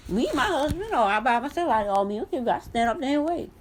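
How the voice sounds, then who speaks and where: Sassy woman with lively pitch. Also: brisk, few pauses. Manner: sassy, blunt, talks straight to viewer. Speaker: vlogger. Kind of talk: casual storytelling to camera.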